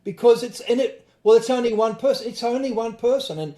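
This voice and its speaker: A man's voice: extremely high pitch, brisk, warm tone. Earnest Australian man, echoey room. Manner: earnest, emphatic, blunt with swearing. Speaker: podcast guest. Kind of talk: candid conversation.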